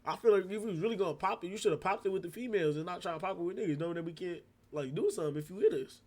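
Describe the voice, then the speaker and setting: A man's voice: high voice, racing, a little mellow. A young man streaming live, telling a story in a casual, slangy, rambling way and animatedly acting out what everyone said. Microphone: streaming setup microphone.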